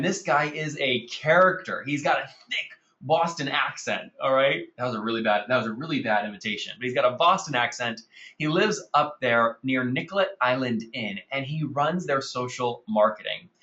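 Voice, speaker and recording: A man's voice: medium pitch, bright, forceful tone, reverberant, muffled recording. A man hosting a marketing webinar, speaking energetically and calling his audience guys. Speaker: webinar host.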